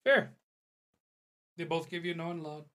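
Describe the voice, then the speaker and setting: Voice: mid-range voice, measured pace, pushed and bright. A game master describing scenes for a tabletop roleplaying game in a loose, rambling way. They often stop to search for words and laugh along with the players.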